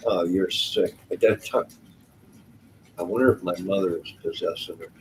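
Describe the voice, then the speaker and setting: A man's voice: low-pitched, normal speed, a little hiss or hum, low-quality recording. A man hosting a casual live stream, reacting to his chat with jokes, exclamations and frequent laughs. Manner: joking, exclamatory, laughs often. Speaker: livestream host reading chat.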